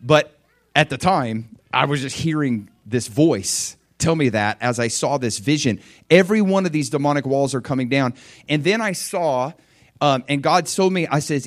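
A man preaching a sermon and recounting a vision, fervent, dropping to quiet asides and rising to loud surges, often restarting his words. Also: mid-range voice, moderate pace. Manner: restarts and stumbles over words.

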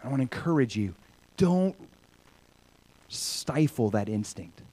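With a husky mid-range voice, a male preacher takes his time through a sermon, talking conversationally and animatedly as he moves from loud, bright lines to soft whispers.

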